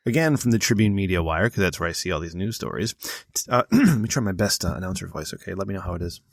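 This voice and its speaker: A man's voice: low voice, lively intonation, fast talker, vocal fry, no echo, studio quality. A man hosting a podcast, reading news stories aloud and cutting in with blunt, profane asides. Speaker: podcast host.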